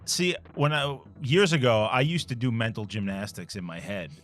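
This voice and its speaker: A man co-hosting a retro game playthrough, chatting and swearing with animated energy. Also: medium pitch, normal speed, soft background music. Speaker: co-host playing retro games. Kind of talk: casual gaming banter.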